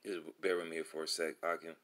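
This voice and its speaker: A man with a lowish voice preaches from scripture in a loose, excited street style. He swears freely and keeps calling his listeners "man." His delivery jumps between calm reading and fired-up exhortation. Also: quick pace. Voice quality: profane, slangy speech. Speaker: religious video presenter. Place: Atlanta.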